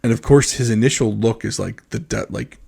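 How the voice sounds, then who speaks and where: Gravelly man telling a lively story. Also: on the low side, fairly quick. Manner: animated, acts out quoted dialogue. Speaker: podcast co-host. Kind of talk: casual storytelling chat.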